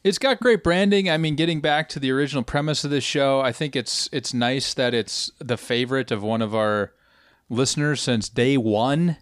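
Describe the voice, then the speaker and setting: A man's voice: medium pitch, normal speed, no echo, clean studio sound. A man co-hosting a casual beer podcast, playful and laughing easily. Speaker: podcast co-host.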